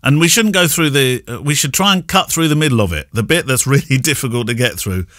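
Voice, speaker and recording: A man's voice: mid-range voice, expressive, quick pace, a bit bright, no echo, clean studio sound. A man from Yorkshire with a received pronunciation accent, co-hosting a casual podcast in a chatty, playful way. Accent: received pronunciation English. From Yorkshire, England. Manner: chatty, playful, laughs often. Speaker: podcast co-host.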